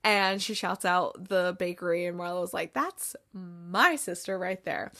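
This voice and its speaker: A woman's voice: medium pitch, vocal fry, fairly bright tone. A woman casually recapping a holiday movie plot, acting out the lines as she goes and close to tears. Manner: chatty retelling, acts out quotes, fillers like "like". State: tearful, near crying. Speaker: podcast host reviewing movies.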